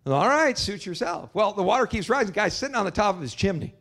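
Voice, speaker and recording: Man, pastor, sermon, lively rising and falling voice, fairly high pitch, animated storytelling, earnest prayer. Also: gravelly. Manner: animated storyteller, acts out characters in jokes; soft, slow earnest prayer.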